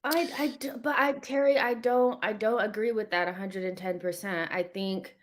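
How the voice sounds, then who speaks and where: A woman's voice: mid-range voice, fairly even intonation, moderate pace. A woman co-hosting a football fan stream, playful and taunting, laughing a lot in casual banter. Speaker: co-host of a football fan show.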